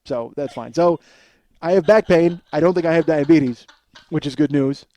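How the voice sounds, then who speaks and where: A man's voice: on the high side, normal speed, warm tone, no echo. A man in his forties telling stories in a comedic monologue, rambling with frequent fillers and chuckling as he goes. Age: 40s. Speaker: podcast host.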